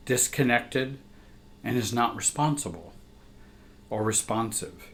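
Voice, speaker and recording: A man's voice: medium pitch, slow. A man, a family coach, reading a painful personal story aloud in a somber, reflective way.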